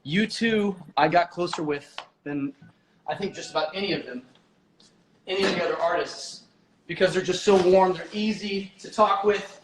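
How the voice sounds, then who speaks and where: A man hosting a casual livestream, telling lively stories while he cooks, heard over a video call. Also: high voice, normal speed, a little hiss or hum, low-quality recording. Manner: lively, storytelling, talks while cooking. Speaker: host.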